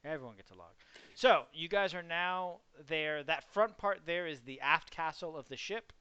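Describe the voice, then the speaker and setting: A man's voice: fairly high pitch, moderate pace, sharp tone, clean tone, muffled recording. A young man running an online tabletop game as game master, describing the scene in a casual, filler-heavy way. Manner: casual, loose, many fillers.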